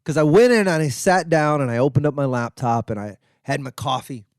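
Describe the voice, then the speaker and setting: A man's voice: brisk, smooth, dry recording, studio quality. A middle-aged man and comedian host telling a self-mocking, profane story, acting out the voices of the people in it. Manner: animated, acts out quotes with big pitch jumps. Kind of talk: storytelling monologue.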